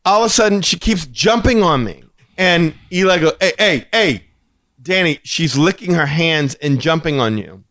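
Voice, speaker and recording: A man co-hosting a podcast tells a story in casual chat, animated and quick to act out other people's lines. His voice sits a little high. The sound is dry, with no room around it. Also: dry recording. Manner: animated, acts out quotes in a high voice. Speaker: podcast co-host.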